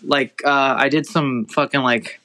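A man's voice: mid-range voice, fairly even intonation, a little slow, pushed and bright. A young man hosting a podcast, chatting casually, rambling with lots of fillers and swearing. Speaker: podcast host. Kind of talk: casual profane chat.

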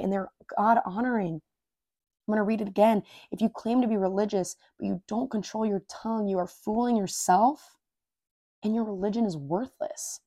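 A woman's voice: mid-range voice, warm tone, no echo, clean studio sound. A woman hosting a casual faith podcast, reading Bible verses aloud and commenting in an earnest, informal way. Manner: earnest and informal, says "dude" and "like"; reads scripture aloud and repeats verses. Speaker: podcast host.

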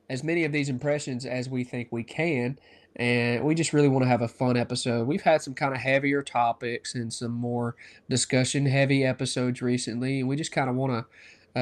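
Guy cohosting a podcast, easygoing and upbeat, middle pitch, talks through the rules. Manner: upbeat, explains the rules at length. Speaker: podcast co-host. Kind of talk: casual chat.

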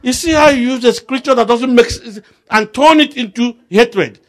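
A middle-aged Nigerian man preaching a sermon, telling stories and jumping up loudly to stress his points. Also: very high voice, moderate pace. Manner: animated storytelling with voice rising sharply for emphasis.

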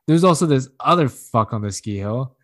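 A man speaks in an animated way at a moderate pace while telling a long, rambling, profane tale on a casual podcast. He laughs frequently and acts out quotes in a raised pitch.

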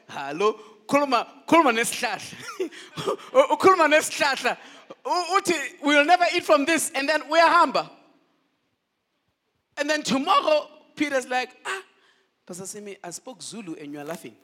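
A male pastor preaching a sermon, firing call-and-response questions at the congregation. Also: extremely high pitch. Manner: animated, shifts between loud declaring and quiet asides.

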